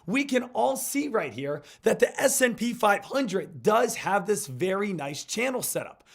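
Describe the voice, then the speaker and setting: Speaking a little slowly yet very animated, a high-voiced man, hoarse as he gets over being sick, hypes the market live as a stock trading streamer, repeating himself often.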